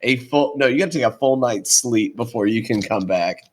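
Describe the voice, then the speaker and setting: A man's voice: mid-range voice, brisk. A man playing a tabletop game, griping and swearing casually. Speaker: player.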